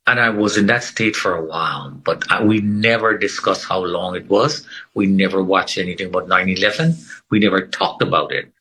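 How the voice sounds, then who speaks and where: A man's voice: low-pitched, moderate pace, pushed and bright, low-quality recording. A middle-aged man telling his life story in conversation, earnest and emphatic, repeating phrases for weight. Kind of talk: personal testimony in conversation.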